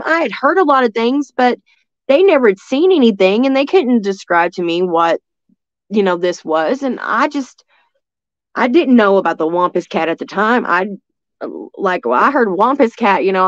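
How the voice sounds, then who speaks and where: A woman from East Tennessee with a Southern accent, telling a story as a guest in a rambling, excitable way full of restarts. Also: fairly high pitch, no room sound, dull audio. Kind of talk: casual storytelling.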